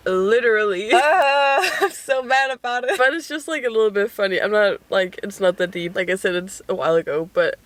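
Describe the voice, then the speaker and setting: Candid, laughing young woman vlogger. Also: on the low side. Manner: candid and chatty, swearing and laughing often. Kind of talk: casual chat while eating and showing a haul.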